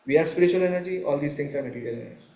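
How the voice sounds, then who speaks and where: A man teaching a course on scripture, explaining verses slowly, checking that his listeners follow, and laughing lightly now and then. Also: fairly high pitch, warm tone, roomy sound, poor audio. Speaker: spiritual teacher. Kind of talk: lecture on scripture.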